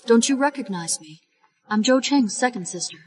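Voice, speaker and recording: Scheming disguised woman, high voice, cold and scornful, faint noise behind, played by a woman. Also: expressive, normal speed, darkish tone, lightly acted, poor audio.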